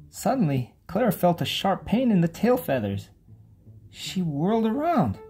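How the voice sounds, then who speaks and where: A narrator giving an expressive, lively read-aloud of a children's bedtime storybook. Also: medium pitch, a little slow, husky, faint music behind.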